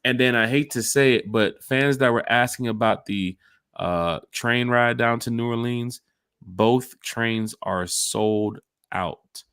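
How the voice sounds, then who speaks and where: A man hosting a casual sports podcast, talking in an animated way that jumps between hype and jokes. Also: medium pitch, slow, smooth, dry recording, clean studio sound. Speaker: podcast host.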